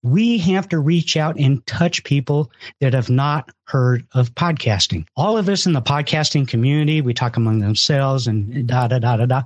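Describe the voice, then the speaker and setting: A man's voice: medium pitch, normal speed, few pauses, dry recording, lo-fi sound. A man hosting a live podcast event, talking emphatically and repeating words as he urges listeners. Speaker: event organizer and host. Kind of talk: enthusiastic live show talk.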